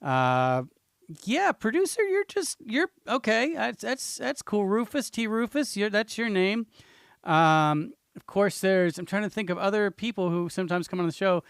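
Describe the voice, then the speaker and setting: A man hosting a comedy podcast, playful and halting with lots of fillers. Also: high voice, sing-song, vocal fry, clean tone, no room sound, studio quality. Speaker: host. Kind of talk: casual comedy podcast chat.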